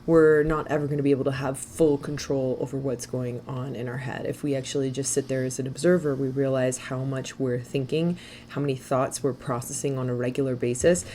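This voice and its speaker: A woman mindset coach as a podcast guest, talking fast and animatedly and laughing often. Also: extremely low pitch, fairly even intonation, warm tone, slight background noise. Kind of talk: podcast interview.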